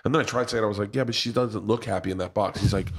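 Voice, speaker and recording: A man with a fairly low voice tells a family story in a loose, chatty way. He laughs often and breaks off to restart his sentences. It sounds like an easygoing conversation in a pub. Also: fairly even intonation, rapid-fire, a little hiss or hum. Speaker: podcast host. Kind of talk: casual chat.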